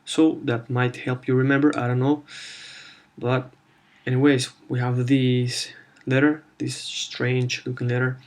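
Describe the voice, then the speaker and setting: A man teaching the alphabet in a lesson, slowly sounding out each letter several times. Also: mid-range voice, little pitch movement. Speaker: language teacher.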